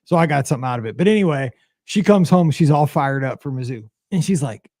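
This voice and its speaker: Excitable man talking fast on a podcast. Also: on the high side, no room sound, studio quality. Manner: excitable, animated storytelling, says "dude" a lot. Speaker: podcast co-host. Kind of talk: casual chat.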